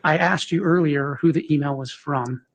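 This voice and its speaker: A prosecutor questioning a witness in court in a formal, procedural manner. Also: male voice, fairly high pitch, normal speed.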